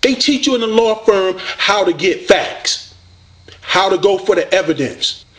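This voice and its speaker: Man, confrontational rant, mocking and preachy, high-pitched, very lively delivery. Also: a little slow. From United States. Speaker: online debater addressing a rival.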